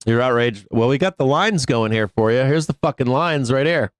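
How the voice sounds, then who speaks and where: A man's voice: mid-range voice, expressive, moderate pace, dry recording. A middle-aged man hosting a live stock market show, chatting casually and candidly, swearing and laughing often. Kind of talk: casual live-stream talk.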